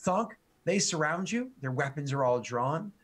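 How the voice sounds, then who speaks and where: A man's voice: a little high, animated, normal speed, fairly bright tone. A man narrating as game master, rambling with many fillers and restarts.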